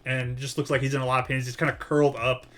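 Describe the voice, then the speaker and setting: Bright-voiced man running a tabletop game. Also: medium pitch, flat delivery, rapid-fire. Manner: loose, filler-heavy narration. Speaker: game master.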